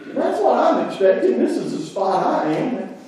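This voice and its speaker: A preacher voicing a proud foreign general, squealing his demands far above his usual voice. The voice rings through a very echoey church and sounds far from the mic. He has a mellow, dark tone. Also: very animated, moderate pace. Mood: indignant. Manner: indignant, shrill outbursts.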